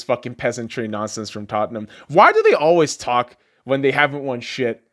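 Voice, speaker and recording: A man hosting a podcast, ranting casually and profanely about sports and laughing often as he swings between low mutters and high, excited outbursts. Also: moderate pace. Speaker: podcast host.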